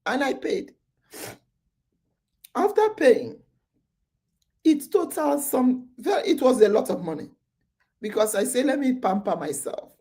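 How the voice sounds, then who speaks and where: Sleepy, chatty woman with a mellow voice. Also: high-pitched, very animated, unhurried, long pauses. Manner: chatty storytelling, repeats phrases, many fillers. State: sleepy, yawning. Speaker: podcast host. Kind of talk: casual live-stream chat.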